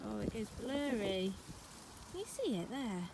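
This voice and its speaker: A woman's voice: sits high, big pitch swings, unhurried, heavy background noise. A woman in midlife hosting a chatty walking vlog outdoors, playful and talking to her viewers and to animals along the way. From England. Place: outdoors on country lanes.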